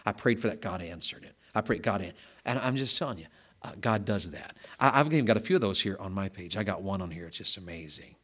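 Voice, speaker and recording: A middle-aged preacher delivers a homespun sermon. His voice sits a little low, and he talks plainly and conversationally, then punches certain lines with loud emphasis. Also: animated, fast.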